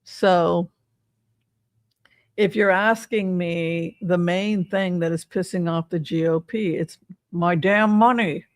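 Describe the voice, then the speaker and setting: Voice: medium pitch, fairly even intonation, slow, no echo. An older tarot reader giving a casual reading, rambling and sarcastic, swearing freely.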